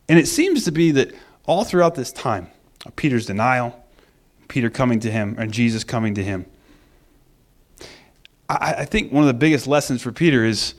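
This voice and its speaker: A man preaching a conversational sermon in an animated way, acting out the quoted lines. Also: fairly high pitch, moderate pace.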